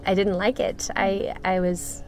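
A woman speaks earnestly in a studio interview, pausing and restarting as she recounts a story. Her pitch sits in a middle range. Soft music plays faintly underneath. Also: level tone. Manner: earnest, with frequent pauses and restarts. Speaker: interview guest. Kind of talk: conversational storytelling.

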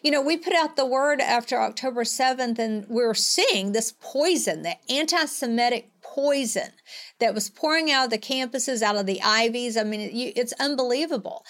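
A woman's voice: on the high side, normal speed, a bit bright. Passionate middle-aged woman. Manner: earnest, emphatic, pleading. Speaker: guest, advocacy leader. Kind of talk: passionate political talk.

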